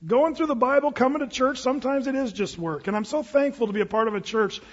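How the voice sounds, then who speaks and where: Pastor, male, chatty and emphatic sermon delivery; husky high voice, long church reverb. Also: fast, highs cut off. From United States. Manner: conversational, emphatic, with quoted asides. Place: church sanctuary.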